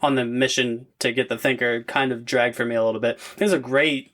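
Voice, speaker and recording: Male podcast co-host, casual film chat, agreeable and quick to chime in. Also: mid-range voice, steady tone, a bit bright. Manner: chimes in with agreement and short additions.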